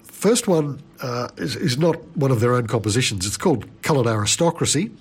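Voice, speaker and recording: A man's voice: mid-range voice, animated, fairly quick, husky. A male radio presenter introducing recordings with wry, amused asides. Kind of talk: relaxed music radio links.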